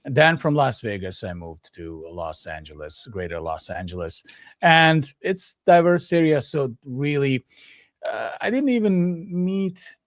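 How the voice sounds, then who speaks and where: A man with a Serbian accent, a native Serbian speaker hosting a casual podcast conversation and pausing often as he searches for words. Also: mid-range voice, big pitch swings, no echo, studio quality. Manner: halting, frequent pauses and restarts.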